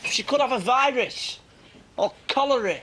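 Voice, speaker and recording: An actor playing an anxious, earnest man who speaks haltingly about his sick chicken. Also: very high voice, lively intonation, fairly bright tone, a little hiss or hum. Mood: worried. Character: anxious simple-minded man fussing over chicken.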